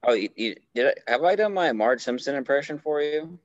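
Lively joking podcast guy, lo-fi. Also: medium pitch, fairly quick, no echo. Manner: joking, loose, tipsy-sounding. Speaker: podcast co-host. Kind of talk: casual chat. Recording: dull, dry lo-fi sound.

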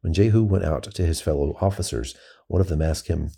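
Deep gravelly man reading scripture. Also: fairly quick, mellow. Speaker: scripture reader.

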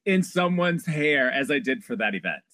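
A man, a hairstylist guest, telling lively backstage stories in a casual interview and acting out the people he quotes. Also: medium pitch, moderate pace. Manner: animated storyteller, acts out quoted voices.

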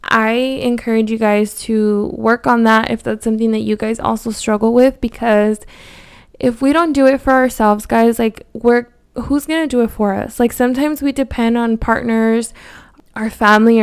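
Here the same kind of speaker, a thirties-aged female podcast host, delivers a heartfelt, candid personal monologue full of fillers while her voice breaks with feeling. The voice is on the high side and clean, with a steady tone and normal speed.

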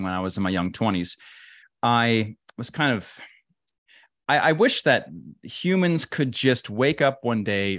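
A man's voice: fairly low pitch, fairly bright tone, no echo, studio quality. A man being interviewed about travel and facing fear, speaking emphatically and often repeating words as he works through a thought. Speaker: travel adventurer and guest. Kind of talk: casual interview talk.

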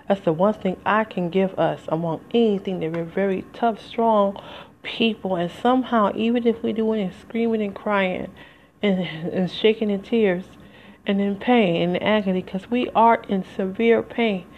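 A woman's voice: mid-range voice, fairly even intonation, moderate pace. A woman talks straight to her listeners in a heartfelt, rambling solo podcast. Her voice sits in a middle range for a woman. The home recording is slightly dull and lo-fi, with faint noise underneath. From United States. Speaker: podcast host. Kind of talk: emotional solo podcast monologue.

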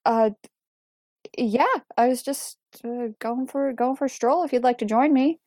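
Woman player doing a cautious, dry-humored young woman, bright and close-miked. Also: a little high, measured pace, no echo, voice pushed up, close to an everyday voice. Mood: wary. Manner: wry, hesitant, filler-heavy.

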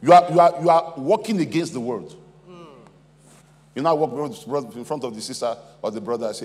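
A man's voice: medium pitch, a little fast, darkish tone. A man preaching a sermon as pastor, emphatic and repetitive, calling on the congregation to respond. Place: large convention hall. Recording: reverberant hall, faint hum.

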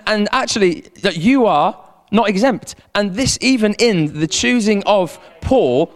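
A man preaching a sermon as a pastor, animated, repeating words and calling on the congregation to respond. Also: high-pitched. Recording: long hall reverb.

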